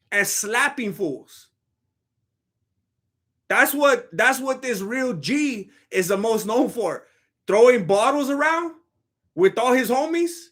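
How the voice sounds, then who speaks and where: High-voiced, rambling streamer man. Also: a bit bright. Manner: rambling, slangy, joking, reads chat. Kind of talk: casual live-stream commentary.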